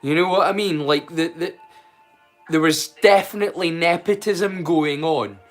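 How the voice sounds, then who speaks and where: Chatty Scottish man, slightly high voice. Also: a little slow, faint music behind. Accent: Scottish, mixed and borrowed. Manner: rambling and chatty, answers his chat directly. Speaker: live-stream host. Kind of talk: casual live-stream watch-along chat.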